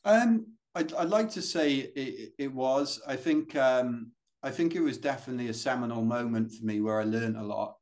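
A British man talks at an ordinary middle pitch as a podcast guest. His answers run long and loose, full of fillers, restarts and asides. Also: normal speed, few pauses, darkish tone. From United Kingdom. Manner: chatty, rambling, many fillers and restarts. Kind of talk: casual interview storytelling.

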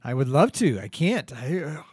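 A man's voice: mid-range voice, very animated, normal speed, a little hiss or hum. A man hosting a comedy podcast, talking in a dry, theatrical, self-mocking way. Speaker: podcast host. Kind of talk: comedic improvised banter.

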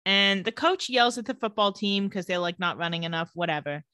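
A woman's voice: medium pitch, lively intonation, brisk, bright, forceful tone, clean tone, no room sound, studio quality. A woman co-hosting a podcast, recapping a TV episode in a wry, chatty way. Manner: chatty, wry, acts out quotes. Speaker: podcast co-host. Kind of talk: casual TV episode recap chat.

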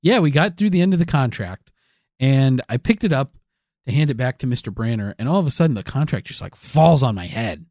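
A man's voice: mid-range voice, animated, a little fast, a little mellow, no room sound, clean studio sound. A man co-hosting a comedy podcast, telling a rambling, crude and absurd improvised story.

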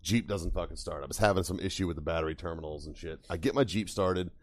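Low-voiced foul-mouthed podcast host. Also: male voice, quick pace. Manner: profane, swears constantly; rambling, laughs at own stories. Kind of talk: casual storytelling chat.

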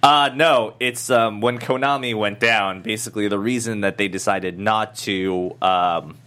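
A man co-hosting a casual podcast chat, animated and quick with jokes and reactions. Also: lowish voice. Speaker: podcast co-host.

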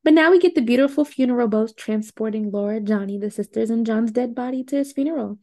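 A woman's voice: fairly high pitch, fast, darkish tone. A woman podcast co-host recapping a movie plot in a conversational, wry and indignant way.

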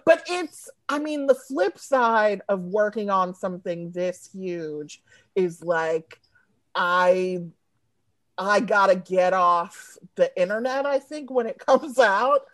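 A woman's voice: mid-range voice, slow pace, no room sound. A woman comedy writer chatting casually, telling profane stories and laughing mid-sentence. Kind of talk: casual podcast chat.

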